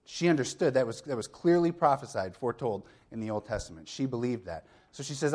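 A middle-aged male pastor gives a sermon in an easy, conversational style, with a voice of ordinary pitch for a man. He explains his point bit by bit and asks the congregation rhetorical questions. He often checks in with a quick "okay?". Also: lively intonation, darkish tone. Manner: explains step by step, with frequent "okay?" check-ins.

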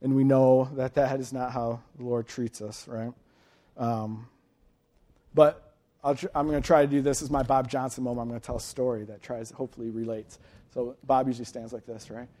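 A man's voice: mid-range voice, little pitch movement, a little fast, mellow. A man in his late thirties preaching an informal sermon, folksy and chatty, often checking in with his listeners. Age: late 30s.

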